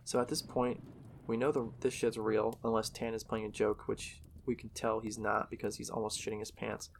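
Male horror storyteller, low gravelly voice, casual and profane. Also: little pitch movement, moderate pace, slight background noise.

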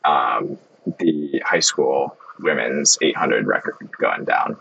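A man's voice: very deep voice, slow pace, vocal fry, sharp tone, lo-fi sound, a little hiss or hum. A man co-hosting a podcast, chatting casually and joking, with a laid-back, profane manner. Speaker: podcast co-host. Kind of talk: casual chat.

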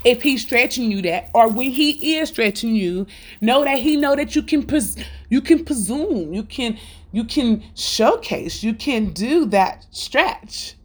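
A middle-aged woman hosting a faith podcast, telling family stories in a lively, unscripted way and acting out the voices of her family. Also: a little high, measured pace. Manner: animated storytelling, acts out family dialogue; laughs between thoughts. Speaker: podcast host.

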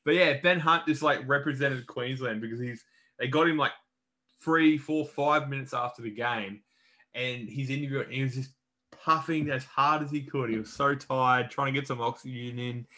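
A young Australian man, co-hosting a podcast, gives blunt, casual takes on sport, dropping the odd swear word and restarting frequently. His medium-pitched voice is pushed and bright, at a moderate pace.

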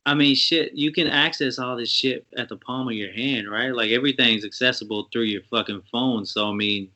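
A man's voice: mid-range voice, brisk, bright, forceful tone, lo-fi sound. A man co-hosting a casual podcast, joking around and swearing freely. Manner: profane, joking banter. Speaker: podcast co-host.

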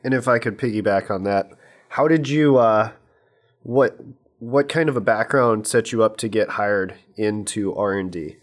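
A man's voice: fairly low pitch, moderate pace, no echo, clean studio sound. Nasal man hosting with a cold. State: has a cold. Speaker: podcast host. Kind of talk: casual podcast hosting.

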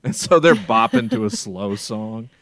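A man co-hosting a podcast, chatting casually about films in a rambling, animated way with lots of restarts. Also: medium pitch, a little slow, creaky. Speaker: podcast co-host. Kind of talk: casual film chat.

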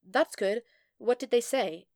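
A woman's voice: on the high side, measured pace, a little mellow, dry recording, clean studio sound, voice pushed up. A woman voicing an earnest young woman journalist, tentative and polite, in a storybook reading. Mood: worried.

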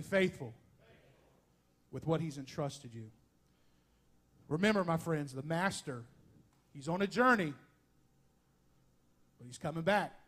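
Male pastor, high voice, folksy animated sermon with jokes and asides. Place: church sanctuary.

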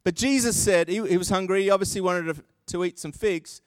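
Male pastor, high and lively delivery, dry close sound, sermon. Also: brisk, clear, resonant tone, no echo. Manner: animated, acts out quoted voices, self-deprecating asides.

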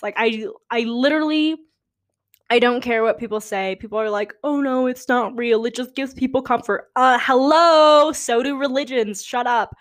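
A young woman hosting a podcast, talking casually on her own in a chatty, rambling way with dramatic asides. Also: a little high. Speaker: podcast host. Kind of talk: casual solo chat.

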